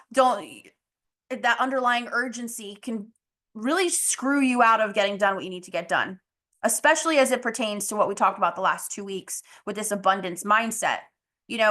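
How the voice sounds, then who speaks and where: Chatty motivational woman, slightly higher voice. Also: a bit bright. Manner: candid, chatty, frequent "like" and "you know", mild swearing. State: losing her voice, clearing throat. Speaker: podcast host. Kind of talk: casual motivational monologue.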